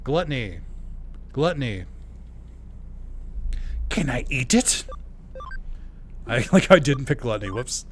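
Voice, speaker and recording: A man's voice: mid-range voice, very animated, measured pace, long pauses, a little hiss or hum. Joking, rambling male game streamer. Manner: rambling, jokey, laughs often, swears. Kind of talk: casual game commentary.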